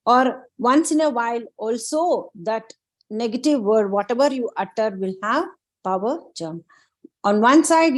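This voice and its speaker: A woman explaining a self-help book in an earnest, encouraging way, often pausing with fillers. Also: high-pitched, a little mellow, poor audio. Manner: addresses listeners as friends. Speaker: spiritual book discussion host.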